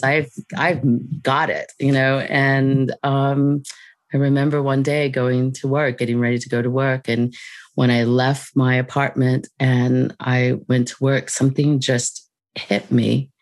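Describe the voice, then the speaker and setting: A woman guest on a podcast, telling a personal story in a reflective, unhurried way, laughing lightly between thoughts. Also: a bass voice, no room sound. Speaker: podcast guest, mindfulness teacher.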